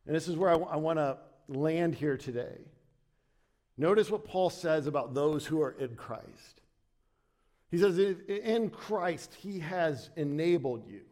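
A man delivering a church sermon in a slightly higher-pitched voice. He preaches conversationally, repeating himself as he restarts, then pushes up in pitch and force for emphasis. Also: a little mellow. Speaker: pastor. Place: church sanctuary.

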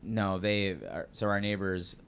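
A man's voice: low voice, lively intonation, unhurried, creaky, a bit bright. A man in a casual podcast chat, rambling and joking with lots of restarts. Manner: rambling, jokey, hesitant restarts.

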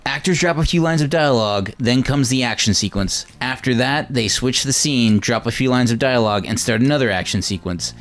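A man's voice: mid-range voice, a little fast, few pauses. A man hosting a casual podcast at home with friends, joking and leading the round of final thoughts. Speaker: podcast host. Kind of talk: casual chat, reading a review aloud.

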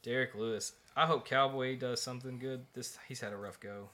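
A man's voice: mid-range voice, steady tone, fairly quick, sharp tone. A man around thirty, co-hosting a podcast in a rambling, jokey way. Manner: rambling, jokey, laughs often. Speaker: podcast co-host. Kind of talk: casual chat.

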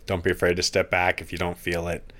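Deep-voiced man, slow and reflective. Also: completely flat delivery, fairly bright tone. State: recovering from an injury. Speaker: podcast co-host. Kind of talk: casual podcast chat.

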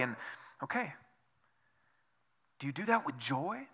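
Male pastor, sermon, bright tone, emphatic, rhetorical questions, whispered asides. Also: fairly high pitch, sing-song, normal speed, gravelly, pauses often, husky. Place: church.

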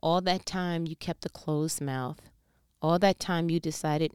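Smooth-voiced New woman teaching scripture. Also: sits low, fairly even intonation, a little slow, darkish tone, no echo, clean studio sound. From New York. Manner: conversational and playfully scolding, addressing listeners directly. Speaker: Bible teacher. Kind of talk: casual scripture commentary.

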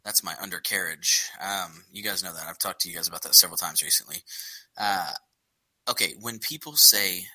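A man's voice: sits low, fairly quick, sharp tone, slightly rough, rough recording. A man co-hosting a podcast, chatting casually with a hesitant, stammering manner. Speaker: podcast co-host. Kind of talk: casual banter.

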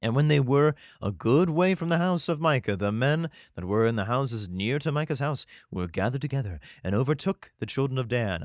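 A man's voice: mid-range voice, expressive, normal speed, few pauses, no echo, studio quality. Man reading scripture with sarcastic asides. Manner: irreverent, sarcastic profane asides. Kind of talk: reading scripture aloud with comedic commentary.

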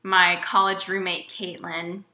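A woman's voice: lowish voice, level tone, a little slow, bright, forceful tone. A woman guest in a casual chat, talking with lots of fillers and trailing off. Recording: roomy echo.

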